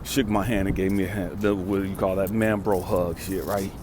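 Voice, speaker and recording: A man's voice: low voice, level tone, brisk, background noise. A man in his fifties from California, telling a blunt, profane story with emphatic repetition as a vlogger and life coach. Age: 50s. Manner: emphatic, street-talking, repeats for stress.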